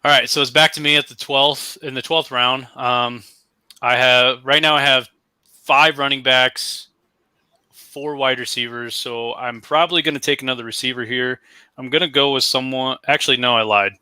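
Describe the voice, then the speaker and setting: A man co-hosting a casual sports podcast, thinking out loud and correcting himself as he talks through his draft picks. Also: mid-range voice, fairly even intonation, normal speed, clear, resonant tone, no echo. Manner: conversational, thinks aloud, self-correcting. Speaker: podcast co-host.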